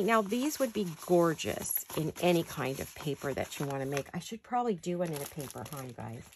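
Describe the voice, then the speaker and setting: A woman's voice: on the low side, vocal fry, noisy background. A woman hosting a paper craft video, chatting casually to viewers and talking herself through each step in her early morning voice. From United States. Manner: chatty, self-talking while working, light laughs. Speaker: paper craft channel host. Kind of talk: casual crafting chat to camera.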